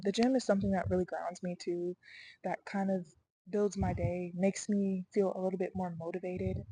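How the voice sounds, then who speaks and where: A woman's voice: mid-range voice, very noisy. A young adult woman talking through her doubts in a rambling, earnest personal vlog, her delivery swinging to emphatic bursts. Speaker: vlogger.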